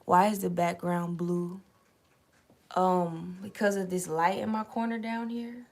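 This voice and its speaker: A woman's voice: lowish voice, fairly even intonation, a little slow, vocal fry. A young woman hosting a late-night tarot live stream, chatting loosely with viewers, reading out their comments and swearing freely.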